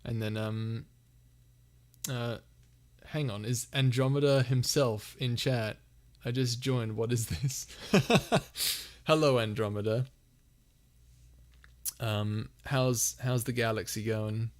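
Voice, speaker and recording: Young man, casual livestream chat, giggly, mid-pitched voice. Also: steady tone, slow, long pauses. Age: young adult. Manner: giggly, reads chat messages aloud. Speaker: livestream host.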